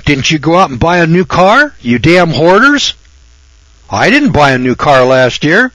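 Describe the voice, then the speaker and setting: A man's voice: fairly high pitch, very animated, a little slow, fairly bright tone, no room sound, poor audio. A man giving a folksy, sarcastic rant in casual talk to his audience. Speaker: online video host. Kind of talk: casual ranting monologue.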